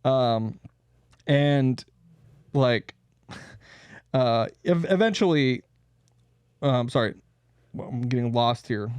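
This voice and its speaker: A man's voice: mid-range voice, expressive, slow, long pauses, a little mellow, smooth, no room sound. A man hosting a podcast, telling a story in casual chat, laughing often, swearing and joking around.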